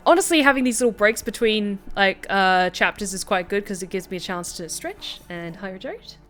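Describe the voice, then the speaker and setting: A woman streaming a story game, reading the narration aloud in a lively way and chatting back to her viewers. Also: medium pitch, normal speed, faint music behind.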